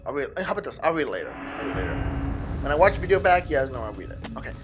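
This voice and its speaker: A man playing a horror game on video, talking to the viewers and the game, often yelling, panicking and swearing. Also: mid-range voice, sing-song, racing, over music. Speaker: gaming video creator. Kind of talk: let's play commentary.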